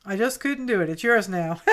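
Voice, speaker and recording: A woman hosting a craft livestream, chatting casually and cooing over mail she opens, a little tired. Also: mid-range voice. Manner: cooing and chatty, greets viewers by name. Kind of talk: casual chat opening mail.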